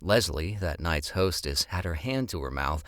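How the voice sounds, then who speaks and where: A man narrating an audiobook in an expressive storytelling manner. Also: deep voice, moderate pace, no echo, studio quality.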